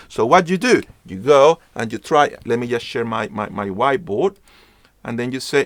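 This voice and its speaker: In a dry recording, a branding lecturer leads an online business lesson with an animated, mid-range voice at normal speed. He drives his points home emphatically, says them more than once, and plays out little exchanges.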